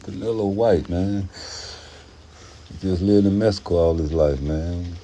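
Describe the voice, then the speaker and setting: This boxing commentator speaks a little slowly in a low-pitched, mellow voice with fairly even intonation, and there's slight background noise. His casual rant to camera is profane and rambling, and he drops into mocking put-on voices along the way.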